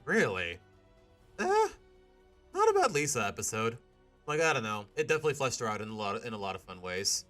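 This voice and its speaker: An animated man hosts a casual live stream. His voice is bright and forceful and swings widely in pitch. He rambles and cuts himself off mid-sentence, with faint music underneath. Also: a little fast, long pauses. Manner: animated, rambling, self-interrupting. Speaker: streamer host.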